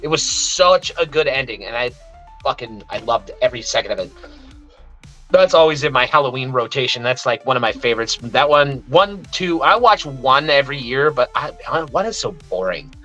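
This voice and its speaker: A man's voice: medium pitch, moderate pace. A man co-hosting a casual movie review podcast, ranting heatedly with plenty of swearing. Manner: heated, profane ranting with animated outbursts. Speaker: podcast co-host. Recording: slightly dull lo-fi audio with faint music.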